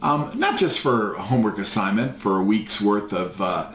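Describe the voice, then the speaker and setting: A man's voice: fairly low pitch, expressive, moderate pace, a bit bright. A male professor giving a recorded course lecture, folksy and full of fillers as he tells stories. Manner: folksy storytelling with many fillers. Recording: echoey room, faint noise.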